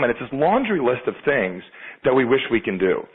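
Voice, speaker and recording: A man's voice: mid-range voice, fairly quick, slightly rough. A man teaching a motivational training on discipline, telling stories and acting out the voices of the people in them. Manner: energetic storyteller, acts out quoted voices. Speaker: results coach. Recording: tinny phone-like lo-fi sound.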